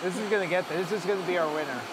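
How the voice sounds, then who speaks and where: A man's voice: sits high, rapid-fire, heavy background noise. A man co-hosting a live show, chatting and laughing while serving drinks and snacks. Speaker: co-host. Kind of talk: casual live-show banter.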